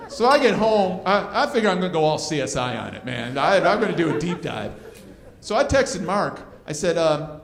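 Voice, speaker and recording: A man performing stand-up comedy on a club stage, telling a profane story with hushed asides. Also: on the high side, big pitch swings, moderate pace, vocal fry. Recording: roomy club recording with crowd laughter.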